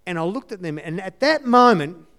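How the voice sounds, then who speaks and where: A man's voice: high voice, animated, moderate pace, a bit bright, clear, resonant tone. A man giving a conversational sermon testimony in an earnest way, repeating his key phrases. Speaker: church speaker sharing testimony.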